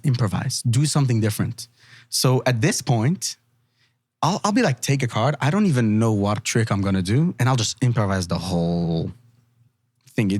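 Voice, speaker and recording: A man's voice: mid-range voice, no echo. A man guest, a magician, chatting casually on a podcast and acting out quoted people with lots of laughter. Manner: animated storyteller, acts out quotes, laughs often. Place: studio.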